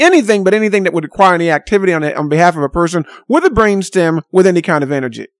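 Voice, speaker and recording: A man's voice: high-pitched, animated, racing, few pauses, no echo, studio quality. An older man telling a rambling personal anecdote with exasperated, sardonic asides. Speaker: storyteller.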